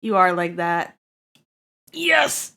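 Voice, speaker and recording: A woman streaming live, chatting to her viewers in an excitable, giggly way. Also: fairly low pitch, drawn-out words, creaky. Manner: excitable, giggly, talks straight to chat.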